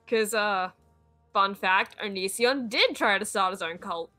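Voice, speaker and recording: Woman, co-host, casual chat, bright voice, chatty with fillers, faint music behind. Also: mid-range voice, lively intonation, takes it slowly. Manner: chatty, lots of fillers, laughs along.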